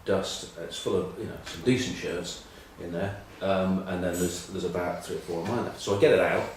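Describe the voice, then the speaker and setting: A man's voice: low-pitched, steady tone, normal speed, heavy reverb, far from the mic, a little hiss or hum, low-quality recording. A middle-aged English man telling rambling, self-mocking rugby stories in casual chat. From England. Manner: rambling, self-mocking anecdotes with many ums. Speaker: rugby pundit.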